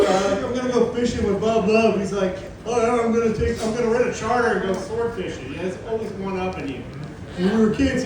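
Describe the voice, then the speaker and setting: A man doing crude stand-up storytelling, loudly acting out shouted quotes, on a comedy club stage. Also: high-pitched. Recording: echoey club from far off with noise.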